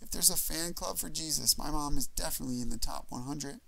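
A man reading a memoir aloud as audiobook narration in a measured, earnest way. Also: a little high, gravelly, sharp tone, rough recording. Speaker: audiobook reader.

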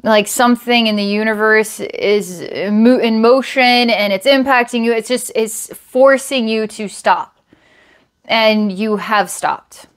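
A woman giving an intuitive psychic reading, talking in a halting, searching way with many fillers and repeated words, sometimes slow and hushed. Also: a little high, clean tone. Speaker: psychic reader.

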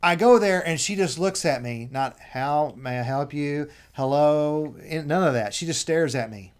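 Fed up guy ranting about a burger joint visit, kinda high voice, acts out everybody. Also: normal speed, clean tone. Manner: animated retelling, acts out quotes. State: annoyed. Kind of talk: casual chat, telling an anecdote.

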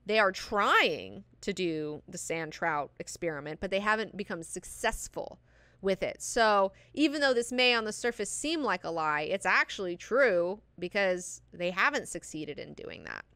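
A woman's voice: mid-range voice, lively intonation, moderate pace, bright, forceful tone, smooth, no room sound. A young adult woman hosting a book club, talking through the plot in a chatty, profane, enthusiastic way full of likes and fillers. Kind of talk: casual book discussion lesson.

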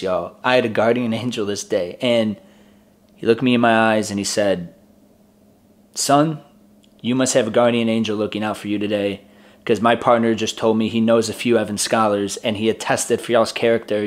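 A man in his twenties telling a personal story in a casual way, laughing often and acting out the voices of the people in it. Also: lowish voice. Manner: chatty, laughs often, acts out quoted voices. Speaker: vlogger.

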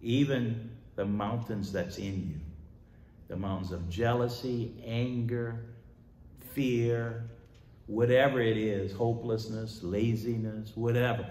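A man pastor preaching a sermon, moving between loud emphatic declarations and quiet asides. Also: medium pitch, a little slow, recorded from a distance. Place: church sanctuary. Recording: echoey church hall.

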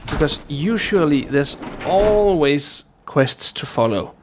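A man's voice: on the high side, expressive, slow, slight background noise. A man casually commenting on his gameplay, rambling and talking to himself with lots of fillers and restarts. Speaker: gaming YouTuber. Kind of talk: casual let's play commentary.

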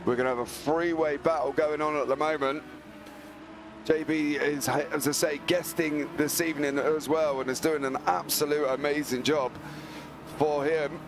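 A man with a hoarse, croaky voice calls a live sim race with a slightly raised pitch. He spins long jokey comparisons while engine noise roars loudly behind him. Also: fairly even intonation, normal speed. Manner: jokey, rambling comic tangents. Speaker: co-commentator. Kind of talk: live sim racing commentary.

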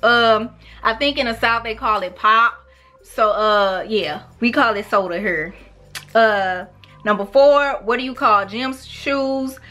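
A woman in her thirties with a St. Louis accent, chatting casually to camera in a relaxed, slangy way. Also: a little high, takes it slowly, faint music behind. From St. Louis, USA. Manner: relaxed, slangy, animated with laughs. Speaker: YouTuber. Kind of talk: casual vlog, talking to camera.

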